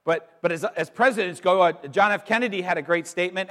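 A middle-aged man preaching an Easter sermon as pastor, emphatic, pausing for effect and repeating words as he builds. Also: on the high side, a bit bright. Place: church sanctuary. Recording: long reverb in a large hall.

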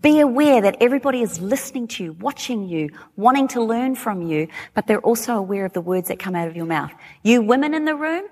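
A woman's voice: a little high, fairly quick, husky. Chatty Australian woman in a hall. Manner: chatty, animated, laughing asides. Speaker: speaker. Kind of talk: talk to a live audience. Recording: long hall reverb.

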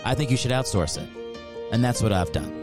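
A man's voice: medium pitch, lively intonation, brisk, over music. A man hosting his own podcast, ranting casually with profanity and self-mocking asides. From Philadelphia area. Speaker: podcast host. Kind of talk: casual solo podcast rant.

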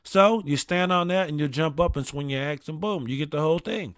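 Man, casual comedic monologue, profane, animated, fairly high voice, dry close sound. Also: clear, resonant tone, no echo. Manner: profane, animated storytelling with quick asides. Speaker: parent telling stories.

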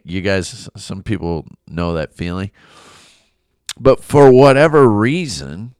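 A man preaching a devotional Bible talk as a pastor, telling a personal story with animated energy and frequent chuckles. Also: low voice, clean tone, no echo.

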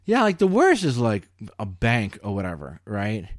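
A man's voice: on the low side, normal speed, no echo, clean studio sound. A man in casual chat, telling stories animatedly and swearing freely. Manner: animated storyteller, acts out quoted voices, swears freely.

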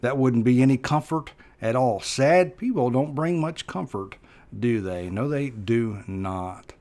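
A pastor preaching with earnest feeling, his voice at a middle pitch. He hammers key words louder, then falls to a hushed, slow close. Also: animated. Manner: earnest, emphatic preaching with sudden loud stresses and hushed drops. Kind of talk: sermon.

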